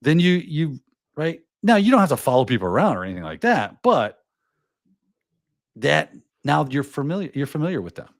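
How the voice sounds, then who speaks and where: Speaking at normal speed but pausing often, a man with a higher voice hosts a casual live podcast show. He gives advice and brings small scenes to life in quoted voices. The studio-quality audio has no room sound.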